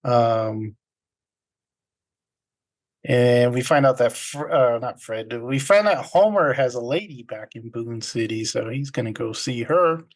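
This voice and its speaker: A man's voice: mid-range voice, measured pace. A man casually recapping an old film with friends, rambling, often laughing and acting out quotes. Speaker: podcast co-host recapping a film. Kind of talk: casual chat.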